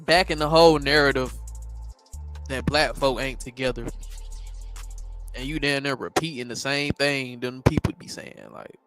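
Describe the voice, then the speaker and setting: Blunt, animated male commentator. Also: mid-range voice, moderate pace, long pauses, faint music behind. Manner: animated, blunt, talks to his audience. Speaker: commentary host. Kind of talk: reaction commentary.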